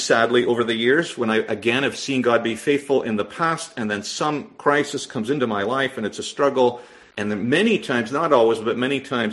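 A man in the middle of a sermon, preaching earnestly to his congregation. His voice sits at an ordinary middle pitch. He asks rhetorical questions and often repeats words as he pushes his point. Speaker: pastor.

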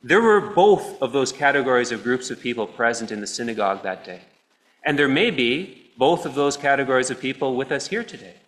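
A man preaching a sermon in a church, his voice sitting in an ordinary middle pitch. He talks earnestly, dropping soft and low at times and then pressing a point with sudden emphasis. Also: very animated, a little fast. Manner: earnest, swings between soft and emphatic delivery.

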